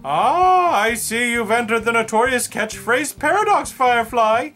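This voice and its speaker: A man's voice: very high-pitched, expressive, a little slow, bright, forceful tone, faint music behind, exaggerated voice. Man doing Trudeau, a sarcastic puppet host. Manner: dry, sarcastic, reading listener suggestions. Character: exasperated male puppet segment host. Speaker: segment host. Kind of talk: puppet comedy sketch.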